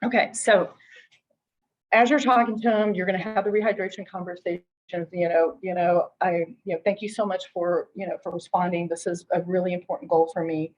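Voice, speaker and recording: A woman's voice: on the low side, steady tone, a little fast, lo-fi sound. A middle-aged woman giving a conversational real estate training, chatty, full of restarts, acting out what callers say. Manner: chatty, repeats and restarts, acts out quoted callers.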